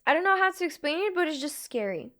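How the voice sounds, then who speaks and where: A young woman from Bulgaria, a live streamer, talking to her chat in a halting, earnest and emotional way. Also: sits high, big pitch swings, sharp tone.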